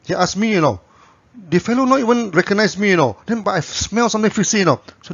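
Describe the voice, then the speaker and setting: A man's voice: sits high, expressive, fast. Man, company founder, promotional talk to camera, rambling anecdotes, dull lo-fi sound. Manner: anecdotal, peppered with "you know" tags. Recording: dull lo-fi recording.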